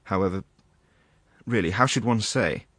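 A man reading a halting, embarrassed country doctor. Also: low voice, fairly bright tone, dry recording, studio quality. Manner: halting, hesitant, full of asides. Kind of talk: audiobook reading.

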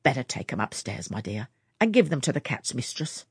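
A woman's voice: a bass voice, sing-song, a little fast, slightly rough, no echo, clean studio sound, pitched below the performer's own voice, exaggerated voice. Woman doing Jem, an easygoing husband. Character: good-humoured working husband, Jem.

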